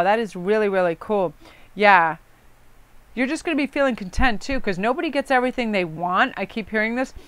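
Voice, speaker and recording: A woman gives a casual tarot reading to her viewers, chatty and effusive. Her voice is smooth and clear at an ordinary middle pitch. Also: a bit bright, dry recording. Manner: effusive, chatty, reads card texts aloud. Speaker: tarot card reader. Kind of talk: casual spiritual card reading.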